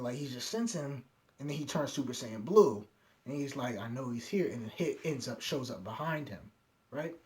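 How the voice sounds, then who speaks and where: A man's voice: on the high side, darkish tone. Casual young man recapping an episode. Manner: retells scenes with quick quoted impressions of characters. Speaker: anime reviewer.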